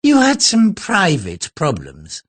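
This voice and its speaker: A nosy, winking landlord, played by a male audiobook narrator, chatty and gossipy. His voice rises a bit higher and louder than the narration, with a husky grain. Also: huge pitch swings, slow, full character voice. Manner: gossipy, complicit.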